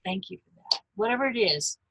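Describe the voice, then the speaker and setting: A woman in her fifties, a life coach giving a webinar, earnest and gentle, speaking straight to her listeners. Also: medium pitch, animated, fairly quick, no echo, rough recording.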